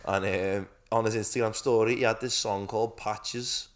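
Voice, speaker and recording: Low-voiced man chatting, lots of swearing. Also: steady tone, moderate pace. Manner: swears often, keeps saying "lad". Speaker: podcast co-host. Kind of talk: casual chat. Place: studio set with a couch.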